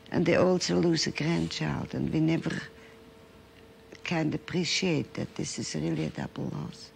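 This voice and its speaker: Female psychiatrist lecturer, gravelly, earnest case-story teller. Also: lowish voice, darkish tone, slight background noise. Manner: earnest storytelling, checks in with the audience.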